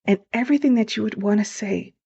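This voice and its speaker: A woman's voice: medium pitch, fast talker, creaky, dark tone, slightly rough. A woman hosting a motivational podcast as a life coach, talking earnestly and straight to her listeners. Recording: dull lo-fi sound.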